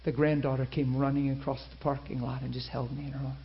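Animated male preacher telling a story. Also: mid-range voice, fast talker, dull audio, slight background noise. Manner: animated storyteller acting out quoted people. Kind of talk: sermon storytelling.

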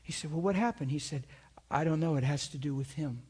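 Animated preaching man, story-driven. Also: brisk. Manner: animated storyteller acting out dialogue, pitch jumping up when excited. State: crying while retelling. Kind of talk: sermon storytelling.

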